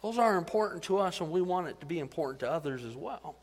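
A middle-aged man preaching a sermon in a conversational, animated way, building to excited emphasis. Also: a little high, quick pace. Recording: long hall reverb.

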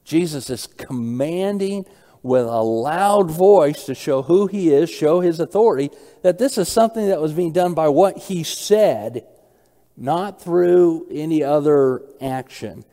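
A man preaching a sermon, explaining a passage line by line and stopping to ask his listeners questions. His voice sits a little high but sounds mellow and dark. The sound carries a long reverb, as in a large hall. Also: animated, measured pace. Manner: explains scripture with rhetorical questions. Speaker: pastor. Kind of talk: expository sermon.

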